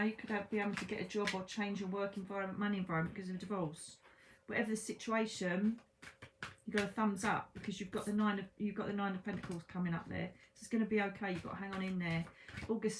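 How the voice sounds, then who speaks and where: A woman's voice: mid-range voice, slight background noise. A woman giving a chatty tarot reading to camera from her bed, bubbly and full of exclamations. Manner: bubbly, exclamatory, talks straight to viewers. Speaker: psychic tarot reader. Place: at home in bed.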